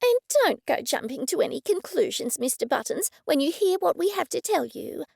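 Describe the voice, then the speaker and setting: A woman voicing a lively, cheerful female friend who runs a boarding house, speaking in a bright, chirpy way. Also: high-pitched, normal speed, vocal fry, dry recording, clean studio sound, pitched above the performer's own voice, exaggerated voice.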